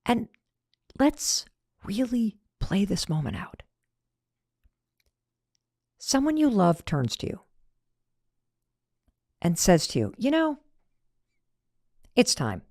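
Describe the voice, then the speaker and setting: A woman's voice: medium pitch, sing-song, takes it slowly, long pauses, a little mellow, no room sound, studio quality. A middle-aged woman hosting a motivational podcast, talking in a conversational way and acting out the lines she quotes. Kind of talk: motivational talk.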